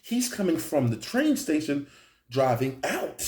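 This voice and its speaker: A young man telling a story in a casual, animated way, full of slang and profanity, often checking in with "right?". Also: fairly high pitch, moderate pace. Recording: roomy echo.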